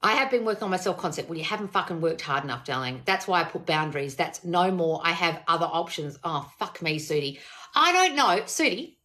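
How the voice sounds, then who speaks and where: A woman's voice: fairly low pitch, fast talker, few pauses, a bit bright. Blunt, swearing woman coach. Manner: blunt, swearing, exasperated lecturing. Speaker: manifestation coach. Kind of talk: live-stream Q&A.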